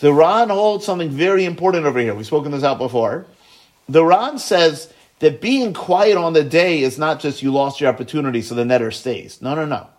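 A man teaching a Talmud lesson, slowly chanting Aramaic phrases and then explaining them quickly in English, checking in with "right?" and "okay?". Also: a little high, lively intonation. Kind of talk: Talmud study lecture.

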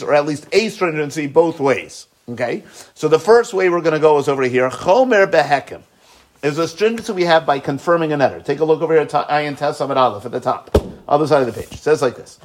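A man teaching a Talmud lesson, slowly chanting Aramaic phrases and then explaining them quickly in English, checking in with "right?" and "okay?". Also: a little high. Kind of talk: Talmud study lecture.

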